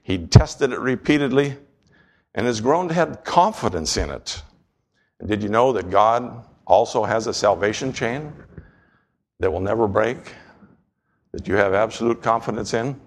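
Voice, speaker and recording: Man, pastor, church sermon, storytelling, clears throat often, mid-pitched voice. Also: measured pace. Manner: storytelling, animated, acts out voices and sounds. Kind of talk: sermon with object lesson.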